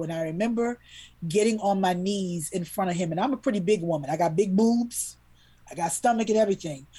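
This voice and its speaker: A woman's voice: lowish voice, darkish tone, breathy edge. A woman, a children's book author and illustrator, telling a heartfelt story as a podcast guest, earnest and emotional, repeating words when moved.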